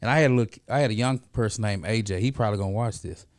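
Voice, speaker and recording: A middle-aged man, a podcast guest, telling a story in a lively, casual way and often checking in with "right?". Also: lowish voice, fast, no room sound, clean studio sound.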